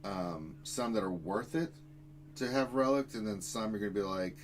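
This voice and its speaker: A man's voice: fairly low pitch, normal speed, slight background noise, low-quality recording. A man hosting a casual gaming stream, rambling and swearing with playful exasperation. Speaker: stream host.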